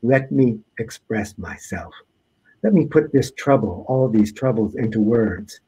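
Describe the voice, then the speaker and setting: Give me a man reading as a formal homeless man pleading to be heard, a little husky. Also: lowish voice, expressive, measured pace, warm tone, full character voice. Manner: formal, insistent.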